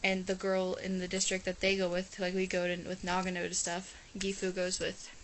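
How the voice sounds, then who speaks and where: A woman's voice: on the low side, monotone, normal speed, a little hiss or hum, poor audio. Chatty teen girl vlogging. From Ohio, USA. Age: teens. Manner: rambling, chatty, full of "like" and restarts. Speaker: exchange student vlogger. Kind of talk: casual chat.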